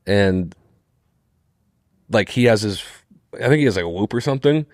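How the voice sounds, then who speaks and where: A young man co-hosting a podcast tells a story in animated, casual chat and swears freely. His voice sits a bit low, in a dry room. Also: moderate pace, no room sound. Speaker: podcast co-host.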